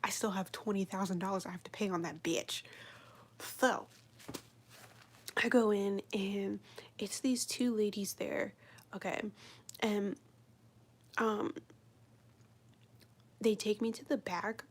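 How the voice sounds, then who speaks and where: A woman chats on a live stream, rambling through a story with plenty of swearing and "like". Her voice is breathy and husky, at an ordinary pitch for a woman, and now and then she drops into a hushed whisper. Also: fairly even intonation, takes it slowly, long pauses. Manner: rambling, profane, fillers of "like". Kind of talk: casual storytelling chat.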